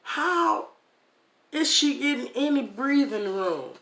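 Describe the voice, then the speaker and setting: A middle-aged woman telling a personal story to her viewers in a casual, animated way, calling them "y'all". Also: sits high, slow. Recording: echoey room.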